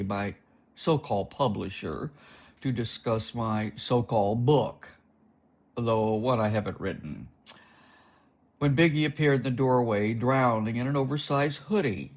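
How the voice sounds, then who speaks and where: A man narrating a first-person novel as an audiobook, in a slow, wry and expressive reading. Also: mid-range voice.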